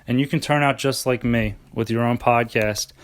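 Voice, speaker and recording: A man's voice: medium pitch, steady tone, normal speed, clean tone. A young man hosting a rambling solo podcast, sarcastic and self-mocking, swearing often. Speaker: podcast host.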